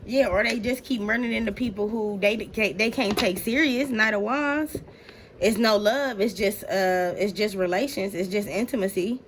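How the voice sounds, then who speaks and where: A woman's voice: mid-range voice, normal speed, slight background noise. A woman giving a casual tarot reading to her viewers. She talks in a blunt, slangy, profane way, addresses them directly, and laughs often. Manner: slangy, talks straight to "y'all". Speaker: tarot reader.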